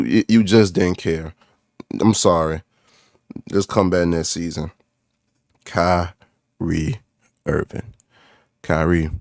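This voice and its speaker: A young man rants as a basketball fan, repeating himself and calling out players by name with a steady stream of "bro". His voice sits fairly low, and the recording is dry, with little room sound. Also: dry recording. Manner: frustrated, repetitive, calls out players by name, says "bro" a lot. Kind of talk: ranting sports reaction vlog.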